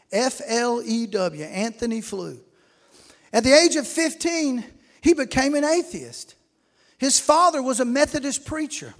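A middle-aged man with a very high voice preaches a sermon full of folksy storytelling. As he goes, he acts out congregants shouting.

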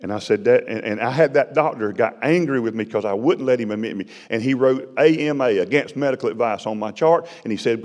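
A middle-aged man preaching a testimony, dramatic and storytelling, his voice swinging from loud to hushed. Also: mid-range voice, brisk, hardly any pauses. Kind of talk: sermon testimony. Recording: long hall reverb.

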